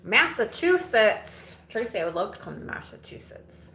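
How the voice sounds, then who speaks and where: A woman's voice: lowish voice, quick pace, creaky. A woman chatting bluntly and casually with live viewers while doing chores at home, answering their comments and swearing now and then. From Illinois. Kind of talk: casual live-stream chat. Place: home kitchen and living room, windows open. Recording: roomy home audio with faint background noise.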